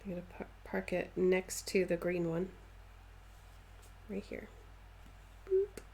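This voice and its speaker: Gravelly-voiced chatty woman. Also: fairly low pitch, level tone, a little slow, a little mellow, slight background noise. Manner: chatty, reads out viewer comments, playfully dramatic. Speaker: crafting live-streamer. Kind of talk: casual live-stream chat while cross-stitching.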